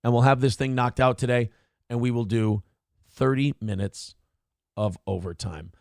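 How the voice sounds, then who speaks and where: A man's voice: medium pitch, fairly even intonation, normal speed, a little mellow, no room sound, clean studio sound. A man hosting a livestream talk show. He reads viewer comments aloud and rants with plenty of profanity. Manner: ranting and profane. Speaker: live show host.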